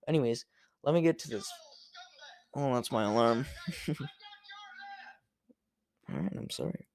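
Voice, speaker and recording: A man's voice: medium pitch, expressive, moderate pace, pauses often, a little mellow, dry recording, studio quality. A young man hosting a casual solo podcast, rambling and swearing, with many fillers and restarts. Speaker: podcast host.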